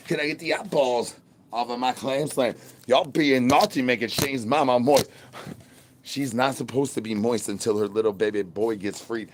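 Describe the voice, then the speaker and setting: A man hosting a phone livestream in a crude, slang-heavy ramble, repeating rhyming catchphrases and swinging between loud bursts and low mutters. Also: a little hiss or hum. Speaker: livestream host. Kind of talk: rambling live stream chat.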